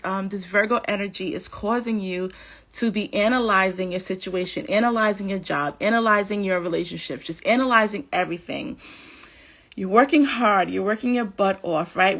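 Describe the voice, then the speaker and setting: A woman giving a casual scripture teaching on a livestream, chatty and animated, often saying "like", talking into a computer webcam mic. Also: medium pitch. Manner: chatty and animated, many "like"s, laughs. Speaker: spiritual teacher.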